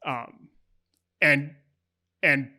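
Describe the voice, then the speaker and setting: A man running a tabletop role-playing game, describing scenes in an easygoing, descriptive way. His voice sits a little high and sounds bright and forward. He laughs easily between descriptions. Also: fairly even intonation, very slow. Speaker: game master.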